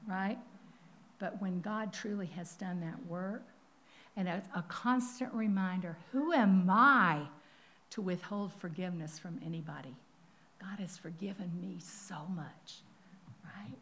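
Older woman, Bible teacher; animated, conversational sermon delivery with whispered asides. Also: fairly low pitch, a little slow, slight background noise. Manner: animated storytelling with sudden whispers and exclamations.

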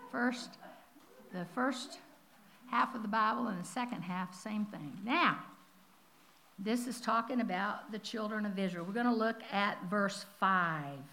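A woman teaching the Bible in a sermon style. She is conversational and animated, with asides and rhetorical questions. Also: mid-range voice, low-quality recording.

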